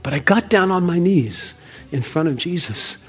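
An actor playing Josiah, a devoted ancient Hebrew father who earnestly recounts a miracle, shifting between loud wonder and hushed awe. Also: on the high side, expressive, moderate pace, slightly rough, faint music behind. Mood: earnest storytelling. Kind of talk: dramatic first-person monologue.

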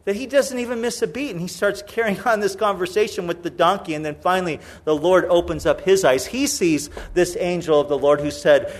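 A man's voice: high-pitched, brisk, few pauses. A middle-aged man preaching a sermon, telling the story with humor and acting out the voices. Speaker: pastor.

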